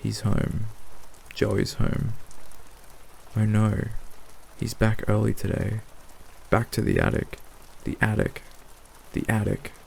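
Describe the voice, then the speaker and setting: A man's voice: lowish voice, completely flat delivery, slow, gravelly, slight background noise, full character voice. A man voicing a chattering male pet parrot that squawks, begs and mimics phrases in a repetitive sing-song way. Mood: eerie.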